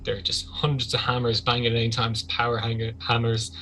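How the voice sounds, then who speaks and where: Male game master, bright, sharp tone, chatty vivid narration, faint hum. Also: medium pitch, completely flat delivery, fast, low-quality recording.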